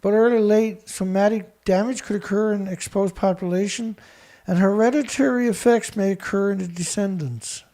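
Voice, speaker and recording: A man hosting a show, reading research text aloud haltingly and breaking in with scornful remarks to an absent critic. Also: sits high, steady tone, warm tone. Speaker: show host. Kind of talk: reading documents aloud with commentary.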